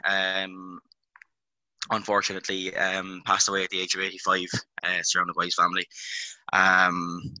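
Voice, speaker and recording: A man's voice: deep voice, completely flat delivery, moderate pace, pushed and bright, dry recording, poor audio. A young Irish man in his twenties hosting a casual sports podcast, rambling with lots of ums and uhs. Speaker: podcast host.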